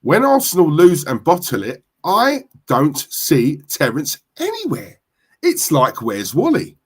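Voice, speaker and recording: A man's voice: fairly high pitch, wildly swooping pitch, a little slow, husky. A man with a London accent hosting a casual football live stream, chatty and full of slang as he greets viewers in the chat. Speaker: football livestream host.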